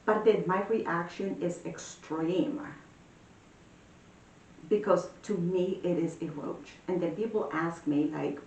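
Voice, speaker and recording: Chatty woman reading tarot, echoey room. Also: far from the mic. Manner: chatty, animated storytelling with frequent fillers. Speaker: tarot reader. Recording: echoey room, voice a bit off-mic, faint rumble.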